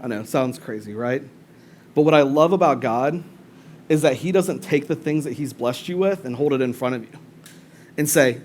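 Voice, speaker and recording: A pastor preaching a conversational sermon to a congregation, swinging between loud bursts and hushed asides. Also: male voice, medium pitch, moderate pace. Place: church service before a congregation.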